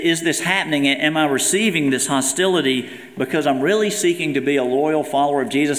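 A man preaches a sermon in a church sanctuary, his earnest delivery lifting whenever he reads scripture aloud. His voice sits at a middle pitch for a man. The room around him is roomy, with a long reverb trailing each phrase. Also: a bit bright. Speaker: pastor. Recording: echoey hall with long reverb.

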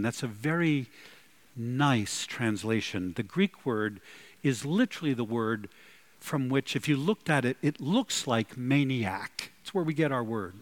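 Animated man preaching a lively sermon. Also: medium pitch, measured pace. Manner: animated, emphatic preaching with sudden loud bursts. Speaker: pastor.

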